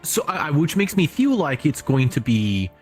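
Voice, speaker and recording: A man chatting casually on a live stream, offering measured, reasoned opinions about a game. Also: on the high side, sing-song, a little mellow, soft background music.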